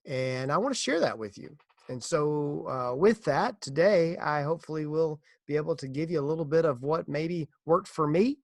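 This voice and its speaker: Middle-aged male podcaster, earnest encouraging delivery, some vocal fry. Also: fairly high pitch, lively intonation, moderate pace, darkish tone, dry recording, clean studio sound. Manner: earnest, encouraging, tells a corny joke. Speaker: podcast host. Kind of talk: casual motivational podcast talk.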